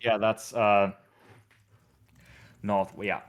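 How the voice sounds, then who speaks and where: A man's voice: on the low side, extremely slow. A man with a Northern English accent, chatting casually and rambling on while he streams his compiler work. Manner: rambling, animated explainer. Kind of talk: casual live-stream chat.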